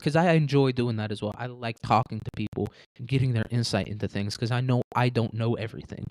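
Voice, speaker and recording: A man hosts a comedy podcast and rambles through a crude, joking hypothetical. He talks fast at an ordinary pitch. The sound is dry and close. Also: darkish tone, no room sound. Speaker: podcast host.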